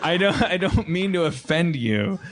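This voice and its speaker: Man, high voice, very lively pitch, slow halting quips, live comedy podcast, noisy background.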